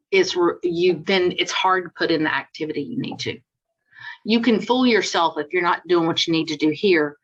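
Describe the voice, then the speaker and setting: A woman's voice: sits low, lo-fi sound. A woman trainer coaching sales agents on a video call, chatty and upbeat as she tells stories.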